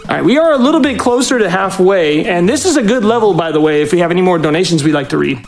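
A speedrunner at a live event stage giving a dog short coaxing commands and chatting excitedly about the run. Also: medium pitch, fast talker, creaky, soft background music.

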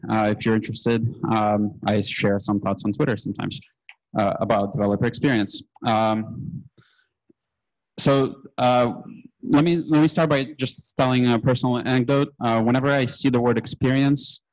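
A man giving a casual conference talk on stage, relaxed and anecdotal, with frequent ums and uhs. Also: mid-range voice, rough recording. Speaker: conference speaker.

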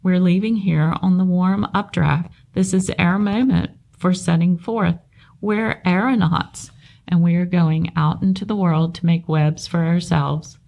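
A woman's voice: fairly low pitch, steady tone, measured pace, gravelly, mellow. A woman reading a storybook aloud, voicing tiny, polite baby spiders in a cheerful, matter-of-fact way. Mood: confident.

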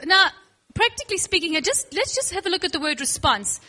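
A woman teaches a worship class in a high, bright voice that swoops up and down. She is playful and emphatic and acts out little scenes with her students. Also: brisk. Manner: emphatic, bursts of excitement.

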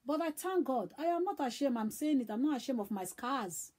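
Nigerian woman evangelist, fairly high voice, mellow and husky, fervent repetitive preaching. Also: expressive, fairly quick. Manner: fervent and exhorting, repeats phrases for emphasis. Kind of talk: emotional sermon.

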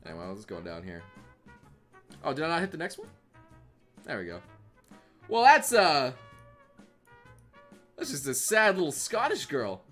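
An American man reacting on a livestream, his bright voice leaping up and down as he stammers, restarts and swears freely. Faint music plays under him. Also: on the high side. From United States. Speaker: streamer.

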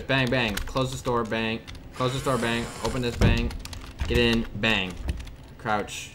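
A man's voice: mid-range voice, level tone, normal speed, heavy background noise. A man hosting his own gaming channel, giving casual let's-play commentary and joking back at the game's characters. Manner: jokey, talks back to game characters. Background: game music.

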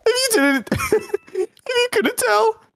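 A man doing an impression of a goofy, jittery young male cartoon slacker, with a squeaky, cracking voice that drags out words. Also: very animated, slow, gravelly, a bit bright, a little hiss or hum, exaggerated voice. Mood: goofy scared. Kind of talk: voice impression during a game stream.

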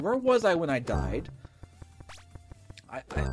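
A man narrating his own gameplay in a lively voice that leaps up and down in pitch. He jokes, panics and talks straight to the game characters. Faint music plays underneath. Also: unhurried, pauses often. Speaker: gaming video host. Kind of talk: let's play commentary.

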